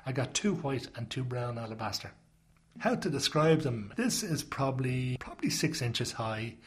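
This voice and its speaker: A man's voice: medium pitch, sing-song, normal speed. A man with a Dublin accent, an interviewee telling a rambling anecdote in a casual way. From Ireland. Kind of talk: casual storytelling.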